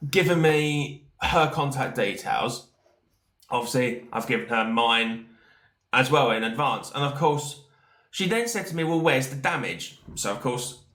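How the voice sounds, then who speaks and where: A man's voice: mid-range voice, a bit bright. A man hosting a podcast, telling a story casually with many fillers and restarts. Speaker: podcast host. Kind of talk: casual storytelling while reading chat. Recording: echoey room.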